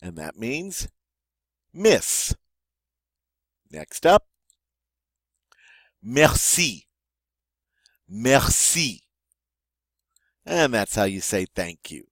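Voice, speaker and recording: A man's voice: lowish voice, wildly swooping pitch, takes it slowly, vocal fry, pauses often, dry recording, studio quality. A man teaching a vocabulary lesson, saying each word twice and then giving its meaning. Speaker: French teacher.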